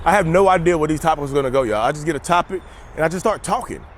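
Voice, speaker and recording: Male vlogger, unscripted outdoor monologue, chatty and self-mocking, slightly raised pitch. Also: expressive, rapid-fire, slight background noise. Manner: rambling, jokey, addresses viewers as y'all. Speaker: mental health vlogger. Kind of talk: casual unscripted monologue to camera.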